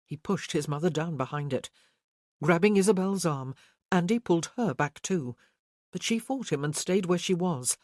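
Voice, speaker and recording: An audiobook narrator reading historical romance in measured, even scripted narration. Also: medium pitch, no echo, studio quality.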